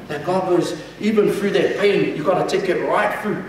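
A man's voice: high voice, moderate pace, very echoey, long reverb tail, recorded from a distance, poor audio. A man preaching a sermon as senior pastor in a church, calling the congregation to respond and often restarting his words.

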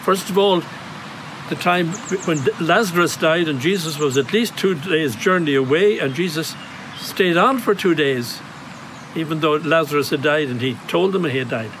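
Man, Irish accent, priest, gentle storyteller, slightly higher voice, outdoors at a grotto. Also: moderate pace, a little hiss or hum, low-quality recording. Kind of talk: outdoor reflective homily. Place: outdoor grotto on monastery grounds.

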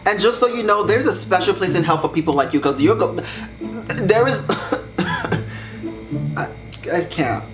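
A man's voice: animated, unhurried, pauses often. Sassy, dramatic young man vlogging. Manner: sassy and dramatic, swoops up high for emphasis. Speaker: YouTuber reading viewer secrets. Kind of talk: casual vlog reaction. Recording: echoey room with music behind.

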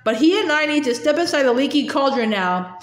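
A tired, testy middle-aged official speaks in pointed, clipped remarks, as a woman reading the storybook puts him on. The voice is fairly high and carries a roomy echo. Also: expressive, a little fast.

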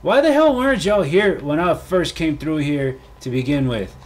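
A man's voice: a little high, animated, normal speed, slight background noise. A man ranting and swearing through a let's play commentary. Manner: salty, swearing, ranting at the game. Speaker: gaming YouTuber.

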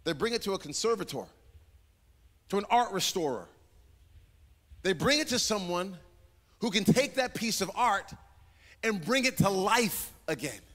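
A man's voice: high-pitched, lively intonation, measured pace, long pauses, fairly bright tone, big-room sound. A man preaching a sermon as pastor, dramatic and acting out voices, repeating phrases for emphasis. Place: church sanctuary.

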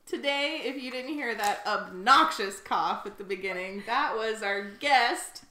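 A woman co-hosting a podcast in casual chat, giggling often and teasing her guest with quick apologies. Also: on the high side, animated, sharp tone, roomy sound. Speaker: podcast co-host.

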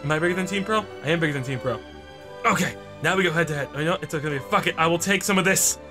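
A man giving comedic gameplay commentary, excitable and mock-serious with crude jokes. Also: on the high side, rapid-fire. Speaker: gaming commentator. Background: background music.

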